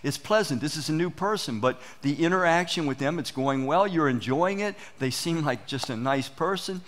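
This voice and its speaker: Lively man preaching a sermon. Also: fairly high pitch, normal speed. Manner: animated storytelling, acts out quoted exchanges. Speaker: pastor. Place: church.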